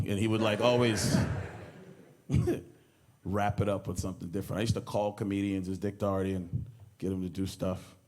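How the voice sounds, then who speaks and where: A man with a fairly low voice gives a loose, anecdotal eulogy, the way a stand-up comedian tells a story. He rambles, restarts, and acts out other people's lines with a lifted voice. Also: a little fast, a little mellow. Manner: rambling storyteller who acts out quoted lines and laughs as he goes. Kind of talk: informal anecdotal speech at a memorial. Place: memorial service hall.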